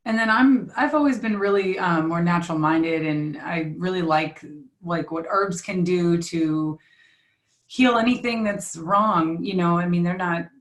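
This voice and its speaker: Thirtysomething woman, lowish voice, easygoing and halting, lots of ums, echoey room. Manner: relaxed, halting with fillers. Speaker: guest, tea business co-owner. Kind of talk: casual interview chat.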